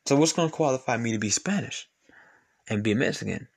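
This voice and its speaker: A man's voice: medium pitch, animated, quick pace, gravelly. Blunt, profane man ranting on a podcast. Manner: blunt, profane, repetitive, argumentative. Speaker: podcast host. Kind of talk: casual podcast rant.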